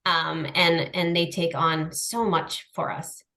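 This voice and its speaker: Woman, podcast guest, casual and animated, jumps into playful voices for her pets, call-style audio. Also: fairly low pitch, slow pace. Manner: animated, acts out little scenes with her dogs. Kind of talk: casual chat.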